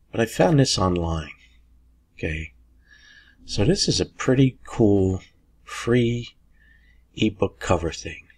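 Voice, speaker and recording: Husky low-voiced man giving a tutorial. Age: older. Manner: folksy, chatty, lots of "okay"s. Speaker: tutorial host. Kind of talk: screen-recorded software tutorial.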